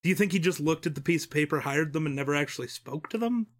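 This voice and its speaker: A man with a higher-than-average voice co-hosts a casual podcast. His pitch swoops up and down as he teases and jokes. He is sarcastic and laughs easily. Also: quick pace. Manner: animated, sarcastic, laughs often. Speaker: podcast co-host. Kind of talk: casual chat.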